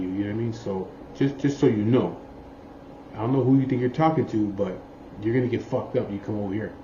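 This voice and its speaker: A man's voice: lowish voice, fairly quick. Rambling profane man in an echoey room. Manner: rambling, profane, keeps saying "you know what I mean". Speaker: biker telling a story. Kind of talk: casual storytelling. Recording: muffled, roomy, faint background noise.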